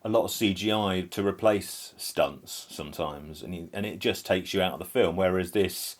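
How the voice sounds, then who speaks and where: A man's voice: low voice, normal speed. A man co-hosting a casual film review chat, making easygoing, dry remarks. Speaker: film podcast co-host.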